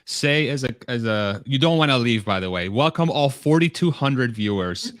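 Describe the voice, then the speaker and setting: A man hosting a live investing stream, explaining things with halting fillers. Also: medium pitch, lively intonation, dry recording. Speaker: livestream host.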